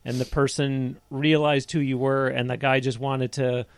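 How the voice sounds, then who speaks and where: A man's voice: mid-range voice, little pitch movement, normal speed, clear, resonant tone, dry recording. Male podcast host, medium voice, asking questions, dry sound. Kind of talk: interview and scripted plug. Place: on location.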